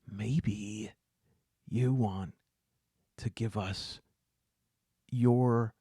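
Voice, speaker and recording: A blunt, impatient adventurer who makes threats without raising his voice much, as a man plays him at a tabletop game. He speaks slowly, in a close, dry sound. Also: on the low side, fairly even intonation, warm tone, breathy edge, no echo, full character voice. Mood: menacing. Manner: blunt, menacing.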